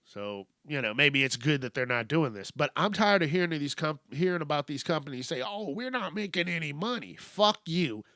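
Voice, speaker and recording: A man's voice: fairly high pitch, animated, brisk, hardly any pauses, sharp tone, dry recording, clean studio sound. A man hosting a solo show, ranting bluntly and swearing a lot. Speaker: podcast host.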